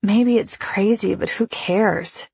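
A woman narrating a first-person romance story in a slow, intimate reading. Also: medium pitch, creaky, a little mellow, husky, dry recording. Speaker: audiobook narrator.

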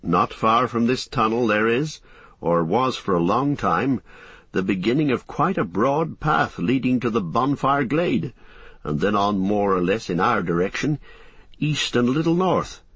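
A man voicing a calm, knowing male hobbit who explains the way ahead in a measured manner. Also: mid-range voice, breathy edge, no echo. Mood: explaining.

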